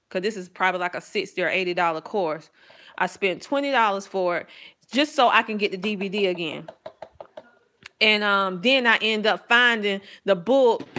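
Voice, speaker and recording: A middle-aged woman, a homeschooling mom, chatting casually and enthusiastically about her family's math books, rambling a little and laughing softly. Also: mid-range voice, a little hiss or hum. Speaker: homeschooling mom reviewing curriculum. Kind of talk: casual chat to camera.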